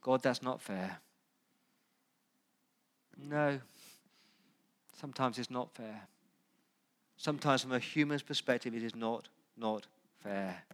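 A man who is a pastor preaching a sermon, building through loud repeated lists and pleading directly with his listeners. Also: mid-range voice, slow, long pauses.

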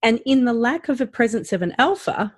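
A woman, a health practitioner, talking through her advice in a podcast conversation, animated and full of ums. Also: brisk, dry recording, clean studio sound. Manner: animated, rising and falling pitch, lots of fillers. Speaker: practitioner educator.

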